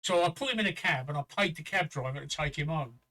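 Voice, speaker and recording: Older English man, co-host, high bright voice, spins a rough pub yarn. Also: fast talker, rough recording. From England. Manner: chatty storyteller, swears freely, acts out quoted voices. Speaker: livestream co-host. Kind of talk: casual chat, telling an anecdote.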